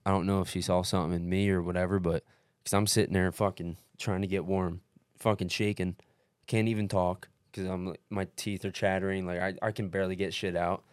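A man telling a race story in casual chat, profane and animated, with lots of fillers and restarts. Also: deep voice, brisk, hardly any pauses, clean tone, dry recording, studio quality.

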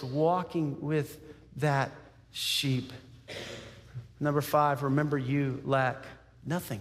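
A man from Texas preaching a sermon in an animated, conversational style, with frequent asides to the congregation. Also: sits high, long reverb tail. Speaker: pastor.

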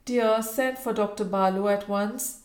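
A woman voicing a lively, fussing young Victorian wife who speaks emphatically and exclaims readily. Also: medium pitch, unhurried, close to an everyday voice. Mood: animated. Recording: roomy echo.

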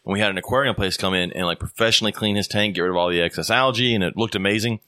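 A man's voice: fairly low pitch, rapid-fire, pushed and bright, no echo, studio quality. A man in his thirties hosting a podcast, telling stories in a loose, profane, casual way. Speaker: podcast host. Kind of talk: casual chat.

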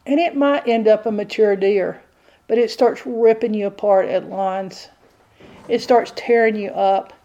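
A woman's voice: on the high side, warm tone, muffled recording. A woman preacher delivering a sermon, telling a Bible story with earnest, dramatic storytelling.

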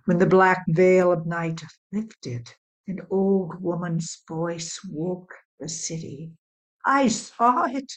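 A professional storyteller from Illinois, a woman telling a legend in a measured, dramatic way. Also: on the low side, level tone, darkish tone, rough recording. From Illinois, USA.

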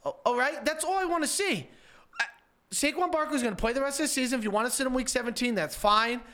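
A man's voice: very high-pitched, lively intonation, fast talker, pushed and bright. A man co-hosting a sports talk show, chatting casually, rambling and insistent with many stammered restarts. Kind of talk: casual sports radio chat.

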